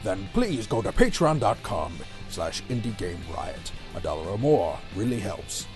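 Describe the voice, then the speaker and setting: A man's voice: on the low side, very animated, normal speed, over music. A man co-hosting a casual gaming podcast, rambling with lots of fillers and restarts. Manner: rambling, filler-heavy, laughs easily. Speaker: podcast co-host.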